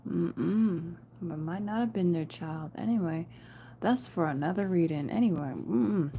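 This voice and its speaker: A woman's voice: lowish voice, unhurried, vocal fry, dark tone, a little hiss or hum. A woman giving a casual spiritual reading to viewers, chatty and often laughing. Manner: chatty, laughs often, addresses viewers as "you guys" and "y'all". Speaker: tarot reader.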